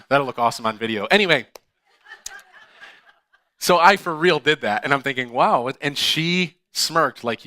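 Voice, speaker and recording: A male pastor telling a personal story in a sermon, animated and acting out the dialogue with laughs. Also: mid-range voice, fast talker, dry recording. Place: church.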